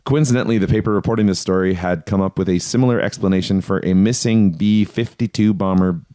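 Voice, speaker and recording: A man with a low, smooth and resonant voice hosts a casual podcast. He reads from his notes in a quick, offhand way and laughs at his own stumbles. The sound is close and dry. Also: warm tone, dry recording. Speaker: podcast host. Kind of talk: casual conspiracy podcast chat.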